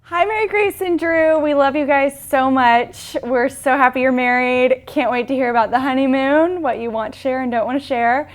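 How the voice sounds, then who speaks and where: A woman's voice: high voice, normal speed, few pauses. A woman giving a friendly, cheerful wedding video message.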